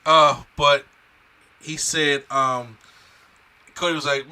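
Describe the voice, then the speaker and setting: A man's voice: mid-range voice, a little slow, sharp tone. A man co-hosting a casual wrestling review podcast, recapping the show and laughing often. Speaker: podcast co-host.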